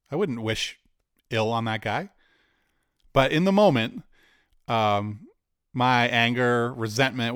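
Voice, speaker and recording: Man in his forties, candid storyteller, mid-pitched voice, dry close sound. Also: fairly bright tone, no echo. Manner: candid, conversational, with laughs and asides. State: cancer patient. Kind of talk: personal storytelling.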